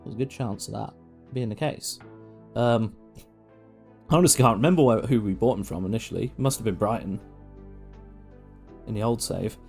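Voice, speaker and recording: A man's voice: lowish voice, moderate pace, vocal fry, pauses often, a little mellow, faint music behind. A man doing casual, sweary live-stream commentary on a football management game. He talks to the players on screen and goes off on rants.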